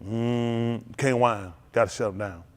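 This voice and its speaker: Male pastor preaching, lively and loud. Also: mid-range voice, slow. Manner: animated preaching with laughs and audience call-outs. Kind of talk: sermon.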